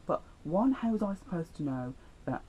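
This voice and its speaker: A man's voice: on the high side, lively intonation, moderate pace, warm tone, slight background noise, low-quality recording. Teen boy vlogger, rambling and self-deprecating, telling school stories. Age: teens. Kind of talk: storytime vlog.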